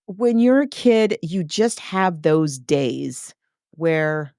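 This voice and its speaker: Animated woman, lowish voice, enthusiastic. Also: drawn-out words, gravelly, no echo, clean studio sound. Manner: animated, enthusiastic, acts out quotes with big pitch jumps. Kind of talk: casual book discussion.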